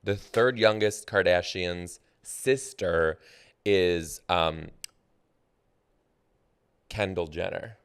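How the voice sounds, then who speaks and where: A man's voice: deep voice, very slow, long pauses, clean tone. A man co-hosting a casual podcast chat, from Detroit, groping for answers with hesitant fillers. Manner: hesitant, searching guesses with many fillers. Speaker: co-host.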